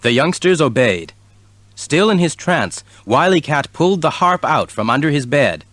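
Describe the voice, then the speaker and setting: A man's voice: on the high side, big pitch swings, normal speed, a bit bright, no room sound. A man reading a children's storybook aloud as narrator. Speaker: audiobook reader.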